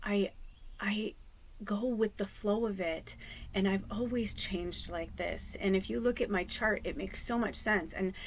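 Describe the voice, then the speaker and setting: A woman's voice: medium pitch, fairly even intonation, measured pace, poor audio. A woman who works as a psychic medium, talking to her viewers from home in a rambling, candid way, swearing and laughing often. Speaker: psychic medium and card reader. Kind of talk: casual rambling talk to viewers.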